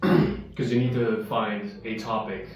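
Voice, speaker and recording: In a lowish, steady voice, a vlogger takes his time reviewing chocolate, chatting, wandering off topic, and talking as he chews. The mic sits far off in a very echoey room, with soft guitar music behind.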